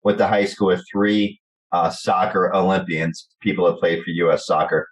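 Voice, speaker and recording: A middle-aged man with a New Jersey accent, telling lively stories in an interview and acting out the people in them. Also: low voice, moderate pace, poor audio. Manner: animated storyteller acting out quoted voices. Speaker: guest actor. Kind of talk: storytelling interview chat.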